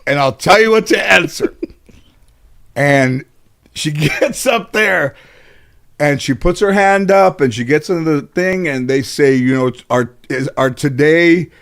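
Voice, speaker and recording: Middle-aged man from Los Angeles, guest storyteller; animated, profane, laughs at his own jokes. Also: fairly high pitch, a little slow. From Los Angeles area. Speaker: guest comedian. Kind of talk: casual storytelling in interview.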